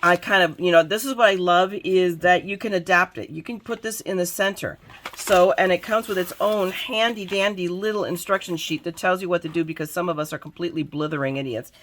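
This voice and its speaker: Bubbly excitable woman crafting vlogger. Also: on the low side, brisk, slight background noise. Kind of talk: excited casual happy-mail chat.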